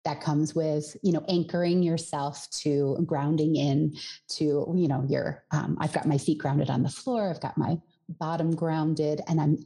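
A woman's voice: sits low, fairly even intonation, unhurried, mellow. A woman from Colorado who coaches voice and singing, explaining in a podcast interview and sometimes demonstrating with her own voice.

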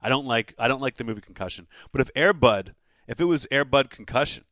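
Fast-talking joking male co-host. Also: medium pitch, lively intonation, a bit bright. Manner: rambling, joking riffs. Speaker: podcast co-host. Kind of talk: casual comedic chat.

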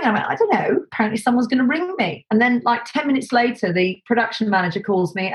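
A woman's voice: on the high side, fast talker, hardly any pauses, low-quality recording. Woman guest, chatty storyteller, mimics voices, rambling restarts. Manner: animated, acts out quoted voices, many fillers and restarts. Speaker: guest, set decorator. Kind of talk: casual anecdotal storytelling.

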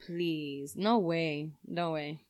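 A woman as a podcast guest in casual chat, backing up her friend with quick supportive remarks. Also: sits low, darkish tone, dry recording, clean studio sound.

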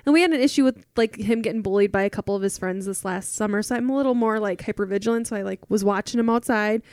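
A woman's voice: medium pitch, fast talker, smooth, no echo, studio quality. A woman in her thirties chatting on a podcast, telling a family story and acting out the people in it. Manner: animated storyteller, acts out quotes. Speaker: podcast guest, mother. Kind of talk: casual chat, storytelling.

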